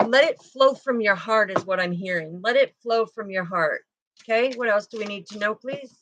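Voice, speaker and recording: An intuitive tarot reader speaks in a fairly bright, medium-pitched voice at a moderate pace. She gives a casual spiritual card reading, chatting straight to her viewers and dropping in "you know" and "okay" often.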